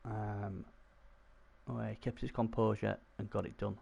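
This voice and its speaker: A man commentating live on a video game stream, chatty and excitable, talking to his viewers. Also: lowish voice, unhurried, vocal fry, slightly rough. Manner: chatty, excitable, talks to chat.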